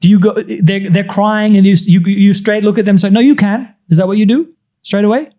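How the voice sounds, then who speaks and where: A man in his thirties, a business coach, explaining ideas in conversation and acting out inner voices with sudden high-pitched outbursts. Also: fairly even intonation, fast, dark tone.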